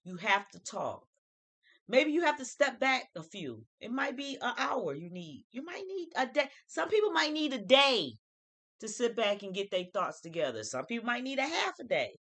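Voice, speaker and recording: A woman's voice: fairly high pitch, sing-song, normal speed, a bit bright. A woman hosting a casual reality TV commentary vlog, emphatic and repetitive, speaking with slang. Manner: emphatic, repeats phrases, uses slang. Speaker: show host reviewing reality TV.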